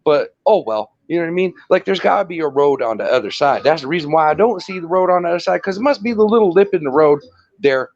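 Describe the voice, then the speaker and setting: A man's voice: a little high, lively intonation, fast talker, muffled recording. A man telling a long rambling story in casual chat, swearing and laughing often.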